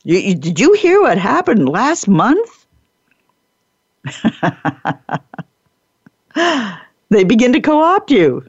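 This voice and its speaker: A woman podcast host telling a workplace parable in an animated, playful way, laughing often and acting out the characters. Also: on the high side, takes it slowly, pauses often, slightly rough, no room sound, lo-fi sound. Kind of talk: storytelling lecture.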